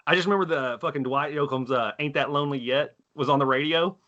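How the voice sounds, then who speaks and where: A man's voice: a little high, fast talker, fairly bright tone, highs cut off. A man in his thirties with a Texan accent, telling profane stories in casual chat, laughing often. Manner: profane, laughing, acts out quoted voices. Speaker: podcast guest.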